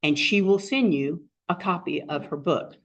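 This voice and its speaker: A woman's voice: deep voice, normal speed. A woman hosting a group meeting, introducing the guest speaker in a rambling, heartfelt way with many fillers. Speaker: meeting host and co-founder. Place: meeting room with an audience. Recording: dull lo-fi recording.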